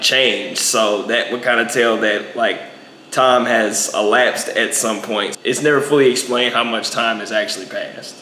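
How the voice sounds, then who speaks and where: A man's voice: mid-range voice, bright, forceful tone, echoey room, slight background noise. A young man giving a casual, rambling movie review, packing in lots of filler words.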